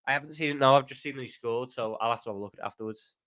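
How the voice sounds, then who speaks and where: A man's voice: medium pitch, rapid-fire, a bit bright. A man with a Scouse accent chatting casually on a live stream, reading viewer questions and answering them off the cuff.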